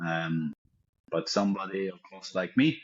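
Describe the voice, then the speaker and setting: A man's voice: low-pitched, moderate pace, lo-fi sound, a little hiss or hum, lightly acted. A man voicing a boastful fake French football star, with a put-on French accent that slips into Yorkshire and a pompous, crude manner. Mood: scornful. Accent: put-on French accent slipping into Yorkshire. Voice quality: pompous, crude, self-satisfied bragging. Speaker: podcast co-host doing an impression.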